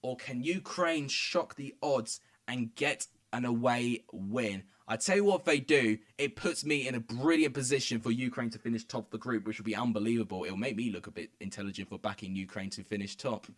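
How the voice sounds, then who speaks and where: A young man giving excitable, rambling commentary as he live-streams a football match from home. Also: medium pitch, fairly quick, few pauses. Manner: excitable, rambling, many fillers. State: out of breath. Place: home room.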